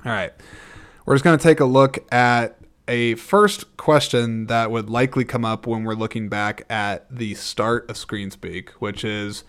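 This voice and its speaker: Man in his thirties, podcast host, smooth clear voice, medium pitch, rambling casual monologue. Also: measured pace, a bit bright. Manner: rambling, thinking aloud with frequent restarts.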